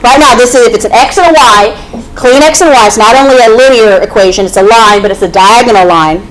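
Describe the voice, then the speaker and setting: A woman's voice: a little high, fairly quick, low-quality recording. A woman teaching a math class, explaining step by step and often checking in with "okay?". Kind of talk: classroom lecture.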